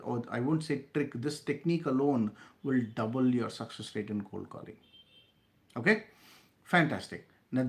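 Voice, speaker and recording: Male sales trainer, mid-pitched, instructive class delivery, leans on "right?" to check in. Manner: instructive, repeats points with frequent "right?". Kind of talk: class-style sales lesson.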